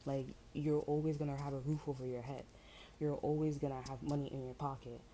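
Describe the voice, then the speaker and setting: A woman's voice: rumbling low, little pitch movement, brisk, warm tone, a little hiss or hum, low-quality recording. A woman tarot reader in slangy, rambling casual chat, amused and full of fillers. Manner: amused, breaks into laughter.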